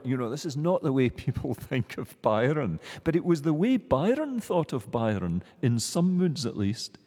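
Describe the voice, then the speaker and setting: A man talks as a panel guest, stumbling and restarting as he gathers his thoughts. His pitch sits in the middle range. A long reverb hangs around his voice. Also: darkish tone. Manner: hesitant, many restarts and fillers. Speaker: guest academic. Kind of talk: panel discussion.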